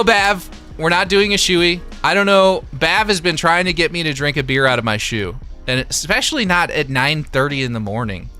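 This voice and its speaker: A man's voice: medium pitch, sharp tone. A man hosting a casual livestream, reading out viewer comments and chatting loosely with his chat, swearing now and then. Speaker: livestream host.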